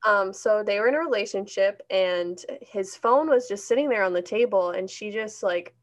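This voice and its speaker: A woman's voice: medium pitch, moderate pace. A young woman co-hosting a podcast in casual chat, candid and laughing often, swearing freely. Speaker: podcast co-host.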